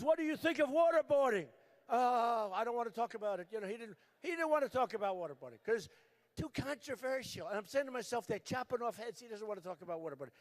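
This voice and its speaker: An older man giving a campaign rally speech at a podium microphone, repetitive and emphatic, shouting at times. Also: very high-pitched. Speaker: political candidate. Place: large rally venue.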